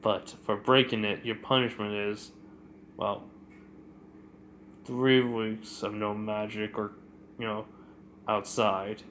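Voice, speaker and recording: A man voicing a stern older sorcerer uncle who speaks slowly and measured. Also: on the low side, flat delivery, fairly bright tone, slight background noise.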